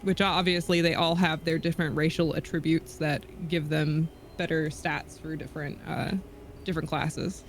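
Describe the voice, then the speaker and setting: A man's voice: on the high side, level tone, normal speed, a little hiss or hum. A man appearing as a guest on a live stream, chatting easily and hesitating with fillers as he thinks. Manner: easygoing, hesitant, many ums and self-corrections. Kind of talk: casual live-stream chat.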